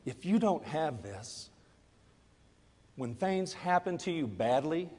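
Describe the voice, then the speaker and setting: A middle-aged man giving a motivational talk to a live audience, telling a personal story and moving between quiet confession and loud urging. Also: on the high side, very animated, slow pace, big-room sound. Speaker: network marketing speaker.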